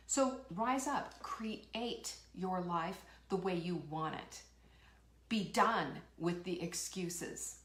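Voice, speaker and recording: Her voice is lowish and a bit bright, her pace slow, and the sound roomy. As host of a live motivational talk show, she speaks with fiery emphasis, poses rhetorical questions, and reads viewer comments aloud with laughter.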